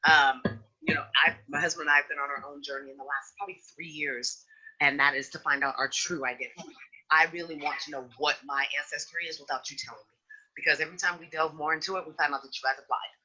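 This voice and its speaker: A woman hosting a podcast in casual chat, outspoken and frank, with an animated delivery. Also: sits low, fast, slightly rough, dull audio. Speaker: podcast host.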